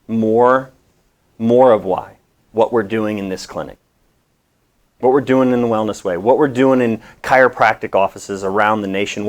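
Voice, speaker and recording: This is a man in the middle of a health vlog, talking right to the camera. He preaches with real passion and keeps drifting into rambling asides. His voice sits at an ordinary middle pitch for a man. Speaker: wellness doctor host.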